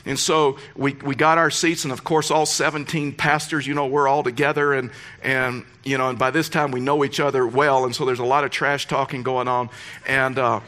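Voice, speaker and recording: A middle-aged male pastor preaching a sermon, telling a story in an animated way. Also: normal speed. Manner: animated, rising to excited high-pitched quoting.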